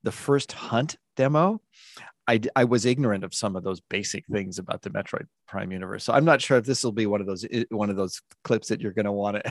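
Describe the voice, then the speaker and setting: A man's voice: lowish voice, brisk, no echo. A middle-aged man being interviewed about his work in music and sound design, telling stories casually and rambling, with many restarts and fillers.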